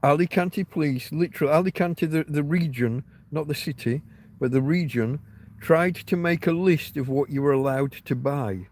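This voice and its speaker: Speaking at a moderate pace in a voice that's on the high side and a bit mellow, a man hosts a casual outdoor livestream on private land. He tells rambling, wry stories loaded with swearing.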